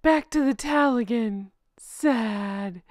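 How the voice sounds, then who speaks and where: A woman vlogger giving snarky, deadpan commentary. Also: a little high, slow, no echo, clean studio sound. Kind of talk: sarcastic commentary.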